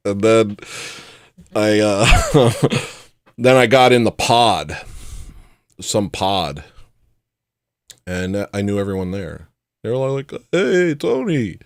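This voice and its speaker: A man's voice: fairly low pitch, no room sound, studio quality. A man hosting a livestream show, telling a personal story in a casual, rambling way with frequent restarts.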